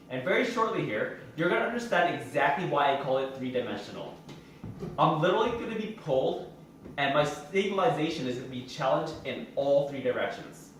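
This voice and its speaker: A man's voice: medium pitch, a little hiss or hum. A man as a fitness trainer, explaining each exercise step by step while he demonstrates it in a gym. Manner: instructive, explains while doing the moves. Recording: very echoey room heard from a distance.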